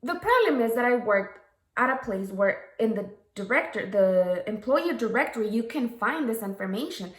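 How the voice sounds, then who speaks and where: A woman's voice: a little high, expressive, moderate pace. A woman telling a story while doing a makeup tutorial, frank and profane, often checking in with "okay?" and "right?". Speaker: makeup vlogger. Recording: echoey room.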